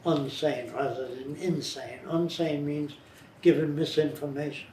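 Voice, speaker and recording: A man's voice: on the high side, fairly even intonation, a little slow, darkish tone. An older man being interviewed, telling blunt, rambling life anecdotes. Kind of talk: biographical storytelling. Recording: roomy, distant, faint noise.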